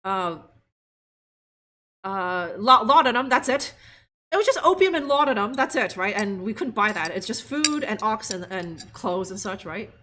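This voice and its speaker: A woman's voice: medium pitch, animated, moderate pace, bright, forceful tone. A woman streamer chatting casually and laughing as she plays a game live and talks to her viewers. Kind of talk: live gameplay commentary.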